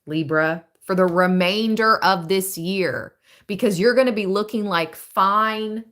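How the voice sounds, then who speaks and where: Woman doing a chill tarot live stream, talks real slow, chatty, thinks out loud. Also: medium pitch. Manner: chatty, thinking aloud, drawn-out phrases. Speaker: tarot reader.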